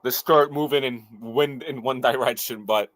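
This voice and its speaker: A man co-hosting a casual pop-culture podcast, eager and slangy, pausing on fillers as he searches for words. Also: medium pitch, a bit bright, no echo. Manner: enthusiastic, slangy, hesitant fillers. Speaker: podcast co-host.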